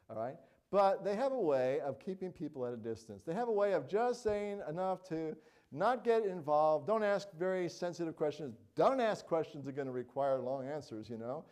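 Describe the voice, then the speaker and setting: A man's voice: fairly high pitch, sing-song, a little fast, darkish tone. A middle-aged man preaching a sermon as pastor, earnest and conversational, often checking in with "all right?" and "you know".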